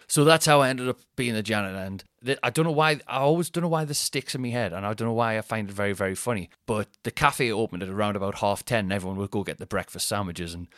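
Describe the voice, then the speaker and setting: A Geordie stand-up comedian from Newcastle, England, in his thirties, hosts a comedy podcast, telling rambling, self-deprecating stories in a casual monologue. His medium-pitched, fairly bright voice moves quickly with hardly any pauses, in a dry, clean studio recording.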